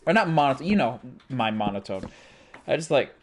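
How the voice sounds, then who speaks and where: A man's voice: medium pitch, lively intonation, quick pace. Rambling male streamer, faint hiss. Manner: rambling, restarts, laughs often. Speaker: streamer host. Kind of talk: casual livestream chat.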